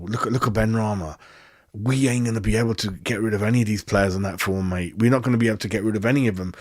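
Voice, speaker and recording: A man hosting a football fan channel, ranting after a match in an exasperated, repetitive way with plenty of swearing. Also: fairly low pitch. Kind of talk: post-match fan rant.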